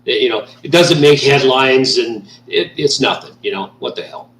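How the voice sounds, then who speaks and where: A man from Canada vents in a heated, profanity-laced rant, circling back over the same points. His voice sits at an ordinary middle pitch and sounds a little off the mic. The room around him is noticeably echoey. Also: moderate pace, a bit bright, distant mic, slight background noise. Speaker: vlogger. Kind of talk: angry ranting monologue.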